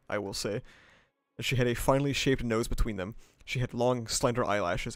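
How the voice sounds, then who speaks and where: A man's voice: mid-range voice, no room sound, studio quality. A man streaming himself reading a novel aloud, breaking off into casual, profane asides and laughter.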